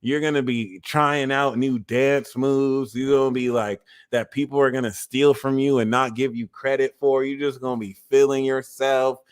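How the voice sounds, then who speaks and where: A man's voice: medium pitch, fairly even intonation, normal speed, hardly any pauses, smooth. A man giving a casual astrology reading, blunt and profane, who often acts out quoted voices. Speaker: astrology reader.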